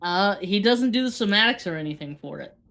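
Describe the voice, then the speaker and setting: A woman narrating as game master of a tabletop game, chatty and a little halting. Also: mid-range voice, lively intonation, fairly bright tone.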